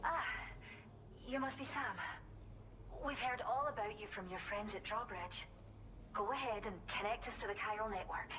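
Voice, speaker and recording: A welcoming female shelter worker in a video game, voiced by a woman with a bright, clear tone. She sounds polite and friendly, with a little game noise in the background. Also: medium pitch, moderate pace, long pauses, natural voice, poor audio.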